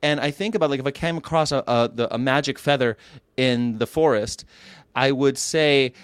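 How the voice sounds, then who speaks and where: A man's voice: medium pitch, normal speed, clean tone, no room sound. A man from California hosting a podcast, chatting casually in a meandering way that often breaks off and restarts. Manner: meandering, self-interrupting talk. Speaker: podcast host.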